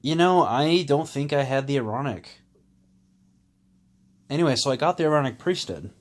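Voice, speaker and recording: A man telling a personal story in a candid, rambling way, pausing with "um" and "you know". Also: mid-range voice, lively intonation. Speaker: vlogger.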